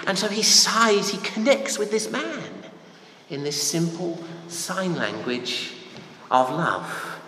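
A man's voice: on the high side, bright, forceful tone, slight background noise. A man preaching a conversational sermon, often asking his listeners rhetorical questions. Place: church hall. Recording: echoey hall, faint room ambience.

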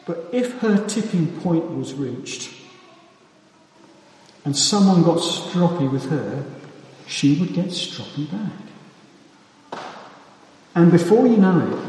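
A man preaching a sermon with a measured, deliberate delivery and emphatic pauses, heard in a church hall. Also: a little high, darkish tone. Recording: echoey hall from far off.

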